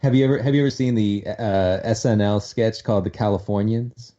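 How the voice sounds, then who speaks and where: An American man with an East Coast accent, a guest on a casual podcast, talking in a wry, halting way with many restarts. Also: fairly low pitch, fairly even intonation, mellow, highs cut off.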